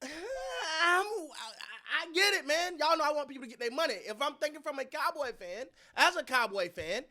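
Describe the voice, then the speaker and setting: Animated, bright-voiced man giving sports takes. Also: very high voice, a little fast, hardly any pauses. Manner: animated, repetitive, slangy, talks to the audience. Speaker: sports commentary host. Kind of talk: casual sports opinion talk.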